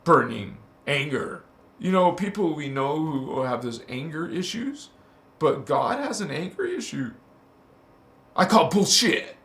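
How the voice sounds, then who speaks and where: A man giving an impassioned spiritual talk, casual and slangy, swearing and flaring up into loud outbursts. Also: a little high, sing-song, unhurried, creaky, reverberant. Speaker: spiritual teacher.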